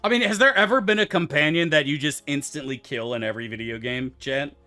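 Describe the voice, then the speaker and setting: A man's voice: fairly high pitch, fast talker, bright, forceful tone, soft background music. A man streaming a game, answering his chat in loose, profane, rambling banter. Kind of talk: casual livestream chat, answering chat.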